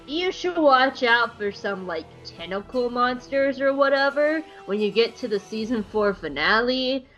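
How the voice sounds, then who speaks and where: A woman voicing a laid-back surfer-dude male cosmic being, drawling slowly like a slacker. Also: high voice, a bit bright, muffled recording, heavily acted.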